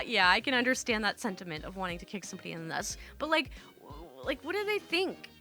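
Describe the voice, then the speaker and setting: A woman's voice: mid-range voice, big pitch swings, fast, hardly any pauses, sharp tone, faint music behind. A woman hosting a storytime channel, reading online stories aloud and riffing between them casually and profanely, laughing often.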